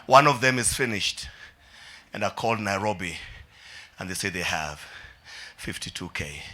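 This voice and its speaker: Bright, energetic male preacher. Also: sits low, moderate pace, slight background noise. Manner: energetic, calls on the congregation, shouts and laughs. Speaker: pastor. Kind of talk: sermon. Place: church.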